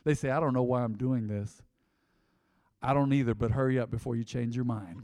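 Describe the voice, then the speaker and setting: A man preaching a sermon as pastor, telling stories with lively swings between loud and soft delivery. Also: mid-range voice, brisk, long reverb tail.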